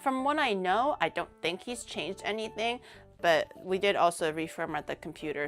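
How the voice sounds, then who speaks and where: A chatty woman hosts a livestream from her home setup, rambling in a bubbly way with plenty of fillers. Faint music plays behind her. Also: mid-range voice. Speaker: livestream host. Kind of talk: casual chat.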